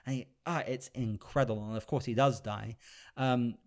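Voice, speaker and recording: A man of ordinary pitch chats eagerly on a podcast, retelling favorite movie scenes. He drops into the characters' lines now and then, full of enthusiasm. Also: fairly even intonation, moderate pace. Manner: enthusiastic, acts out film lines in quotes. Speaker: podcast co-host. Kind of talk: casual chat.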